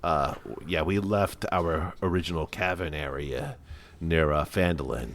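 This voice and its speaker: A man's voice: rumbling low, measured pace, slight background noise. A man voicing a brash, crude male goblin leader in a tabletop game, talking with swagger. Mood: boastful.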